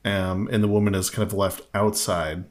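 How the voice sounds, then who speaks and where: A man's voice: deep voice, flat delivery, moderate pace. A man co-hosting a casual podcast, retelling scenes with wry humor and mocking quoted voices. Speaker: podcast co-host. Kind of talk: casual movie review chat.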